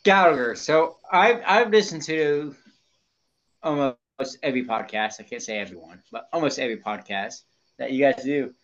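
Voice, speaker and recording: A man's voice: mid-range voice, moderate pace, fairly bright tone. Eager man in dull lo-fi audio. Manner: enthusiastic, repeats catchphrases, filler words. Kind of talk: casual chat.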